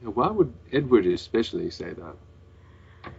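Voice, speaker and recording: A man with a husky voice trading mocking comments and exclamations during a comedic story reading. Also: on the low side, sing-song, unhurried, a little mellow, highs cut off. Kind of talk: comedic banter.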